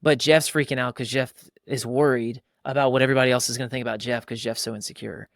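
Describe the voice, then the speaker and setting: Animated man acting out dads. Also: medium pitch, vocal fry, dry recording, clean studio sound. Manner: animated, acts out dads and kids in quick voices. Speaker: podcast co-host. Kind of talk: casual faith-based parenting chat.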